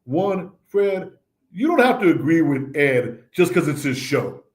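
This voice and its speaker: Brief: high, lively male voice, slangy and animated podcast co-host. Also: a little slow. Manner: animated, slangy, says bro and man a lot. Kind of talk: casual movie debate.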